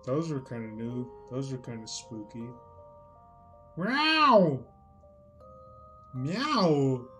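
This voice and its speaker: A man's voice: medium pitch, fairly even intonation, normal speed, hardly any pauses, a little mellow, faint music behind. A man streaming himself as he watches a scare video, commenting in a dry, unimpressed, mocking way. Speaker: livestreamer reacting to a video. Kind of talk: casual reaction commentary.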